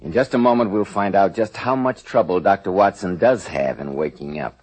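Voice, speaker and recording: A man's voice: sits low, normal speed, hardly any pauses, darkish tone, soft background music. A male announcer reading an emphatic, salesy radio advertisement.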